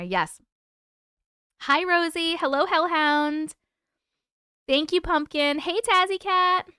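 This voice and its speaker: A tired woman hosting a live stream at home, chatting casually and warmly greeting viewers by name as she reads their comments. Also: high voice, no echo, clean studio sound. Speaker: host.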